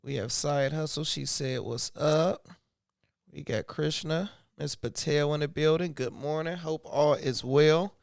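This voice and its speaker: A man from Michigan hosting a casual livestream, his voice a little hoarse, talking loosely and reading from his notes. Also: on the high side, unhurried, no echo, studio quality. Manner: loose and conversational, reads aloud from notes. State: slightly hoarse voice. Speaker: YouTube livestream host.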